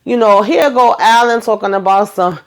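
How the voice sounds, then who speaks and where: A woman giving a casual, animated recap of a TV episode, peppering her retelling with mild swearing. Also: mid-range voice, moderate pace. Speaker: TV show recap host.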